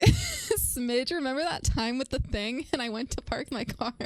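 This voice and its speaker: A woman's voice: high voice, fairly quick, dry recording, studio quality. A woman live-streaming as she reviews a research paper, chatting playfully with viewers and breaking her explanations with fillers and restarts.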